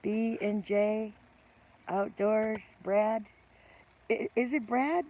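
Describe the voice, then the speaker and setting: A woman's voice: fairly high pitch, drawn-out words, mellow. A middle-aged woman hosting a casual live stream, greeting viewers by name and teasing herself.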